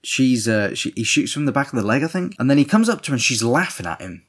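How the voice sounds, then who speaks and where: A man's voice: medium pitch, sing-song, quick pace, a bit bright, breathy edge. A man recapping a movie in casual chat, rambling and swearing a lot and acting out characters' lines. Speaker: podcast co-host.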